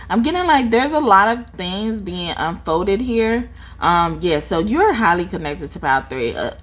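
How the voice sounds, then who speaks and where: Animated, profane woman reading tarot. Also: lowish voice. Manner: animated, profane, laughs often. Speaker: tarot reader.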